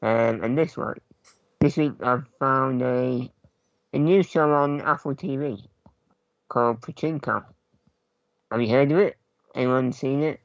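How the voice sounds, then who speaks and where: A man chatting casually as a podcast co-host, relaxed and rambling, with many pauses. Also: medium pitch, no echo. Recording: slightly dull lo-fi mic.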